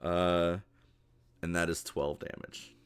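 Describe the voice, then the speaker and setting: A man narrating a tabletop game as game master, casual and excitable, often laughing as he describes the action. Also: low voice, slow pace, a little hiss or hum.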